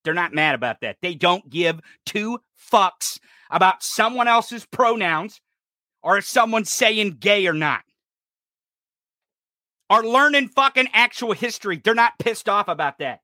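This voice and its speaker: Angry podcast guy ranting and cussing, pretty high voice, dry sound. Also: lively intonation, a little slow, no echo. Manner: furious, profane, shouting. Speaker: podcast host. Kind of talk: angry political rant.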